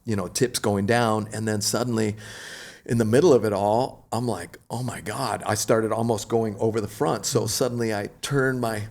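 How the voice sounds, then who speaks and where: A middle-aged man, an extreme athlete guest, telling a story in an animated, slangy, laid-back way. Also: lowish voice, moderate pace. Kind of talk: casual storytelling interview.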